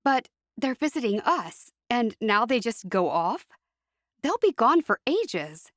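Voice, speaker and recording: A woman's voice: fairly high pitch, big pitch swings, takes it slowly, a bit bright, no room sound, clean studio sound, pitched above the performer's own voice, heavily acted. A woman voicing an indignant young Amish sister with a slightly raised voice.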